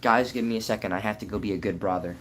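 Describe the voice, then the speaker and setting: A man's voice: on the low side, very fast, a bit bright, a little hiss or hum. A man, a voice actor streaming live from home, chatting casually with his viewers. He jokes and stammers while reading chat aloud.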